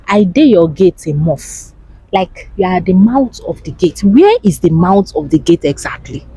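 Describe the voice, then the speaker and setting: A young woman with a Nigerian accent, chatting casually to camera in an animated way and asking rhetorical questions. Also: on the low side, slightly rough, no room sound, low-quality recording. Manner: animated, asks rhetorical questions, laughs often. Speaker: vlogger.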